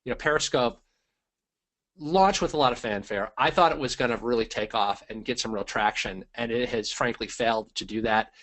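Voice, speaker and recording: A man with a medium pitch, talking at a normal speed, hosts a live training webinar online. His delivery is hyped and energetic, full of fillers, as he welcomes viewers by name.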